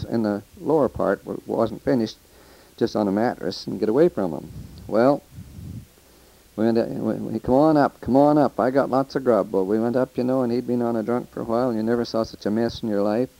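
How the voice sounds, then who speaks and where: An older man records a taped letter, rambling through folksy stories of the old days with restarts and quoted voices. His medium-pitched voice is creaky and warm, and he talks fairly quickly. The casual reminiscence comes through on a low-quality recording.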